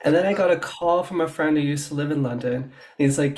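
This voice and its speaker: A man being interviewed about his work as a stylist, telling his story in a chatty, animated way. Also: on the high side, fast, few pauses. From Canada. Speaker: guest, fashion stylist. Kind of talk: casual interview chat.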